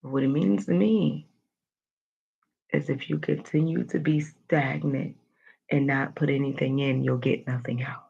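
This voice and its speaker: Gravelly, husky motivational vlogger woman. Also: sits low, unhurried, long pauses, muffled recording. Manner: animated, talks straight to viewers with playful asides. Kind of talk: motivational daily vlog talk.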